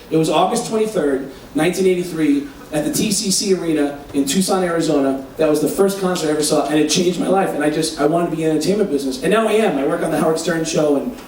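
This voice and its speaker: Male stand-up comic, high voice, rowdy storyteller, distant roomy sound with faint noise. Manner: animated, profane storytelling. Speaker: stand-up comedian. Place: live show on a cruise ship. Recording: echoey hall from far off.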